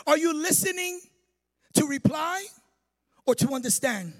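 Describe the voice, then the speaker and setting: A middle-aged male pastor preaching a lively sermon with sing-song emphasis and jokes, in a church hall. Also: very high-pitched, measured pace.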